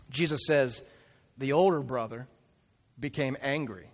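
A man's voice: high-pitched, a little slow. A man preaching a sermon, telling the story with animation and acting out the characters' lines. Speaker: pastor. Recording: reverberant hall.

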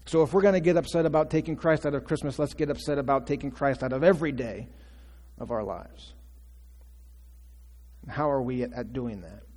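A man's voice: mid-range voice, fairly quick, darkish tone. A male pastor preaching a conversational sermon, asking the congregation questions and acting out quotes. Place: church sanctuary. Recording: long church reverb.

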